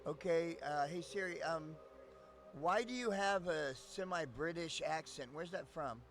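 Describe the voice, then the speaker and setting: A man's voice: a little high, a little slow, a bit bright, faint music behind. A man chatting casually on a live stream, rambling and swearing often, laughing between thoughts.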